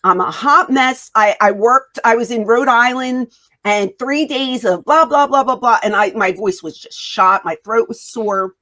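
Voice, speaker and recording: Woman interview guest, higher-pitched, animated storyteller who voices the quotes. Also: measured pace. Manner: animated, acts out quoted dialogue. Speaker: wrestling guest.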